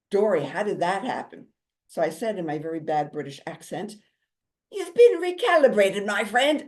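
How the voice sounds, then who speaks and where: A woman giving a motivational talk as a drum therapist and speaker, chatty and jokey, with a calming, soothing voice. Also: deep voice.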